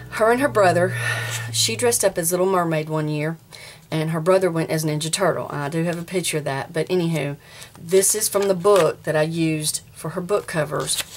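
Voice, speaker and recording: A woman's voice: lowish voice, slight background noise. A woman in her forties with a Southern US accent, chatting casually as she shows off a handmade craft journal and talks straight to viewers. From American South. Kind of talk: casual show-and-tell vlog.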